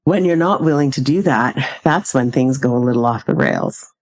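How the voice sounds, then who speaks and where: Low-voiced woman podcast guest. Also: animated. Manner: measured and reflective, laughing easily. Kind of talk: casual chat.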